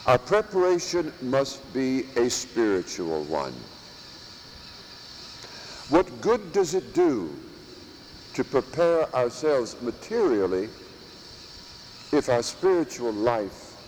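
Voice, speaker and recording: Slow, emphatic preaching priest. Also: male voice, mid-range voice, sing-song, darkish tone, in a large hall, slight background noise, poor audio. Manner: slow, emphatic preaching with long pauses and rhetorical questions. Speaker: priest teaching at a monastery. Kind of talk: sermon. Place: church or monastery chapel.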